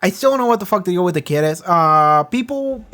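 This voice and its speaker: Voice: mid-range voice, lively intonation, brisk, fairly bright tone. A reactor giving rambling, enthusiastic, profanity-laced casual commentary on a show.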